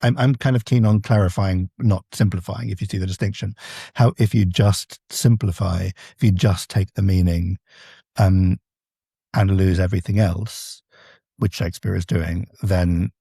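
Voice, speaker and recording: A man's voice: sits low, fairly even intonation, normal speed, vocal fry, mellow, slightly rough, dry recording, clean studio sound. A man, a translator, explaining his craft in a podcast interview, thoughtful and full of examples. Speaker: translator guest.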